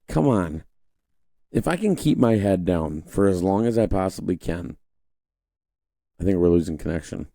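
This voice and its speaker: A man's voice: low voice, warm tone, no room sound, clean studio sound. A young man hosting a casual political commentary monologue, rambling with restarts and mocking voices when he quotes others. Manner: conversational, rambling with frequent restarts and fillers. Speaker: podcast host.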